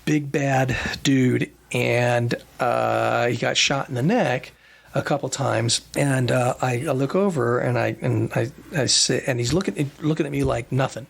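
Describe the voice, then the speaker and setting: A man's voice: medium pitch, measured pace, gravelly, slightly rough. A middle-aged man, a surgeon hosting a podcast, telling stories in a rambling casual way with many fillers and restarts. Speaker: plastic surgeon and podcast host. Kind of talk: casual storytelling chat.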